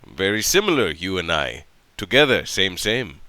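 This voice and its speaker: A man voicing an odd, formal tribal man who speaks slowly in halting, broken phrases. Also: deep voice, very animated, bright, forceful tone, no room sound, voice pushed down, heavily acted. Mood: friendly. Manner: slow, halting broken speech.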